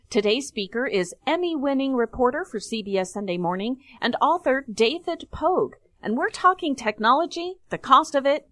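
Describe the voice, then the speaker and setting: A woman's voice: high-pitched, a bit bright. A woman host giving a scripted, upbeat show introduction.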